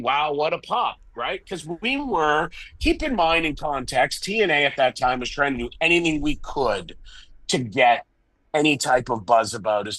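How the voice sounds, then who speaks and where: A middle-aged man, a wrestling promoter, telling candid stories in an interview, animated and self-deprecating. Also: mid-range voice, dry recording, rough recording.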